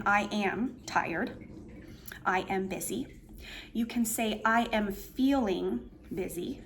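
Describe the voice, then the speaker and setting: A medium-pitched woman, a tarot reader, gives a casual, meandering reading in an indoor room with a painting behind her. She explains the cards with plenty of fillers and restarts, and there's slight background noise.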